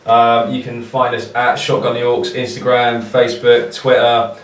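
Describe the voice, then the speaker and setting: A man's voice: medium pitch, normal speed. Laid-back male podcast host, roomy sound. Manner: relaxed, laid-back wrap-up with fillers. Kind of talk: casual chat. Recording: roomy distant recording.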